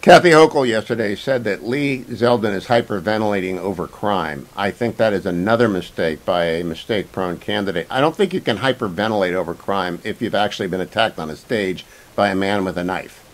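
A man hosting a political talk radio show, interviewing a guest with brisk, emphatic delivery and loud greetings. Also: on the low side, poor audio.

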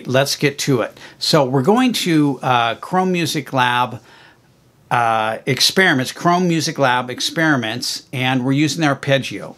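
A man teaching music, walking through a software tutorial in a friendly, explanatory way with plenty of okays and ums. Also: mid-range voice. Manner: friendly, explanatory, fillers like okay and um. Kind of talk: screen-recorded software tutorial.

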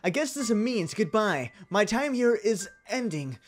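A man's voice: sits high, sing-song, measured pace, voice pushed up, exaggerated voice. A man doing a clingy lovesick game character. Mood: sad farewell. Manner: pleading, clingy, melodramatic. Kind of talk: reading game dialogue aloud in character.

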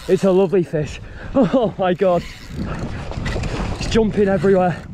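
Breathless, excitable man by a river. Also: high-pitched, normal speed. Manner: excitable, breathless, swearing mildly. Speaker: fishing vlogger. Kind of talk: excited outdoor vlog commentary. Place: outdoors by a river. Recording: outdoor vlog with loud water noise.

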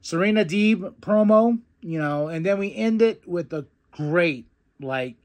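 A young man hosting a podcast, casually recapping a wrestling show, animated and laughing often as he acts out wrestlers' lines. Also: sits high, a little slow. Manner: animated, quotes wrestlers in excited put-on voices, laughs often. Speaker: podcast host.

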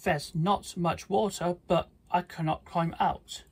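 Young wolf cub calling from a well, slow husky storyteller doing the voice. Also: medium pitch, fairly even intonation.

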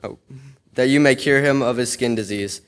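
A man's voice: mid-range voice, moderate pace, clean tone. Man reading scripture in a resonant church. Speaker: scripture reader. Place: church sanctuary. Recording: long reverb of a church sanctuary.

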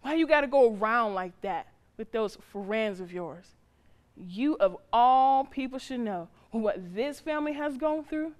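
A woman's voice: a little high, expressive, measured pace. An actress playing a stern but loving mother who scolds her teenage son in plain, colloquial speech. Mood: stern scolding. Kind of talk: drama acting.

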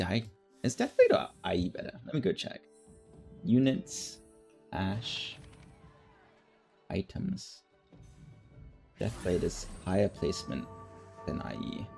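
A man with a deep, gravelly voice talks through his game as a streamer, musing aloud in an easygoing way. Faint music plays under his casual commentary. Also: measured pace, long pauses. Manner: thinking aloud, relaxed, mumbling asides. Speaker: streamer playing a strategy game.

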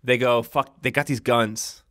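A man's voice: mid-range voice, fairly even intonation, unhurried, fairly bright tone, dry recording, clean studio sound. A man co-hosting a podcast, retelling movie scenes in a rambling casual way, acting out lines and swearing freely. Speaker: podcast co-host. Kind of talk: casual film discussion.

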